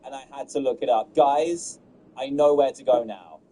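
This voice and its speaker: Excitable gamer guy with a dark voice. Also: medium pitch, normal speed, poor audio. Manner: excitable, exasperated at glitches. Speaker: gaming streamer. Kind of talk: Let's Play commentary.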